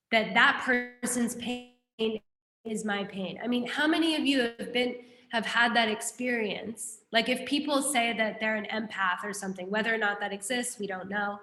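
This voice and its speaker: A woman teaching a class, explaining a Buddhist text in a lively, conversational way and putting questions to her students. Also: mid-range voice, echoey room.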